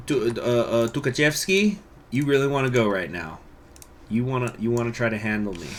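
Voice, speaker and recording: A man commentating a strategy game playthrough, chatty and excitable, reading the game's text aloud. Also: mid-range voice, a little fast, noisy background. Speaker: gaming channel host. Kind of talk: let's play commentary.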